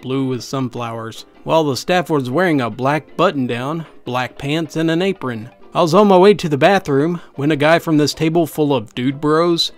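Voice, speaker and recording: Male narrator, fairly high, wry conversational storytelling over light music. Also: normal speed, hardly any pauses. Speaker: host reading online stories. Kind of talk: scripted narration. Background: faint background music.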